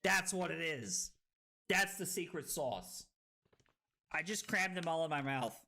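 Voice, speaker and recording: A tipsy man in casual stream commentary, erupting into loud, cursing, laugh-filled outbursts. His voice leaps wildly in pitch and stays bright and forceful, while his delivery is unhurried between the bursts. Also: creaky. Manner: excitable, loud outbursts, swearing, frequent laughter. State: tipsy from drinking. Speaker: card game streamer.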